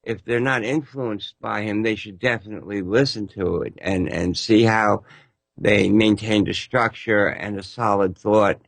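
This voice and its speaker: Older man with a low gravelly voice. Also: unhurried, no echo. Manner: blunt, joking, rambling restarts. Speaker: panelist. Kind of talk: casual panel critique.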